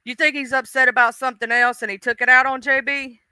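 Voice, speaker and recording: A woman chats on her livestream, emotional and talkative as she greets viewers one by one. Her voice is very bright and smooth. It is recorded close and dry, with no room sound. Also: high voice, little pitch movement, fast talker, dry recording. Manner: chatty, emotional, greets chat by name. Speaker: livestream host. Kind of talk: casual livestream chat.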